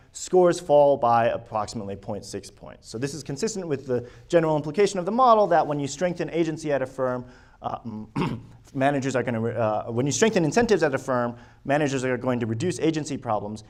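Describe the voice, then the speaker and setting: A man presenting his research to a conference session at a mid-range pitch. He talks through slide figures step by step and often stops and restarts his phrases with small fillers. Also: darkish tone. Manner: hesitant, with frequent restarts and fillers; walks listeners through slides and results.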